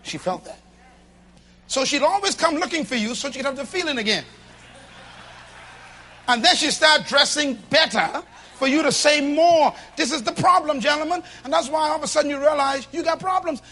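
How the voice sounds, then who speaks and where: A man preaching a sermon to a church congregation, emphatic, with loud bursts and low asides. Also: moderate pace.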